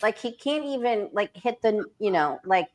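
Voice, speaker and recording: A woman's voice: mid-range voice, animated, moderate pace. A woman co-hosting a tarot chat, adding wry, chatty comments in a casual conversation. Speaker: guest co-host.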